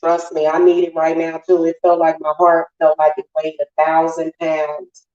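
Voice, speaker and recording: A woman's voice: low-pitched, completely flat delivery, normal speed, dark tone. A woman hosting a casual witchy livestream, venting bluntly and profanely to her viewers. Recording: roomy, slightly dull home sound.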